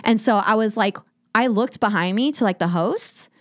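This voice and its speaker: A woman's voice: medium pitch, moderate pace, no echo, studio quality. A woman comedian chatting casually, telling a long profane story and acting out what people said. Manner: profane storytelling, acts out quotes. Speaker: stand-up comedian. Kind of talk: casual podcast chat.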